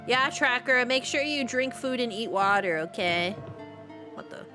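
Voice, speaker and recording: A woman's voice: on the high side, animated, a little slow, music in the background. A woman streaming a horror game, chatting playfully with her viewers and laughing often. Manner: playful, chatty, talks to chat, giggly. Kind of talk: casual live-stream chat while gaming.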